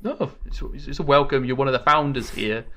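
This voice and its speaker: A man hosting a casual gaming podcast, talking in an excitable, chatty, rambling way into a desk microphone. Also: mid-range voice, brisk, a crowd in the background. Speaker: podcast host.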